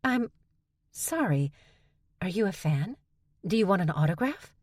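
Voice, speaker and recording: A woman narrator voicing a blunt, oblivious young shifter woman with high, flat delivery. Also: unhurried, no echo, clean studio sound.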